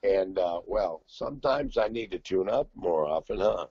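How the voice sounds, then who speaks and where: Older guy, brash and cussing a lot, raspy voice, kinda dull muffled recording. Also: low voice, moderate pace, dry recording. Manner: brash, profane, animated storytelling. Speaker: guest singer. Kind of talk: casual chat.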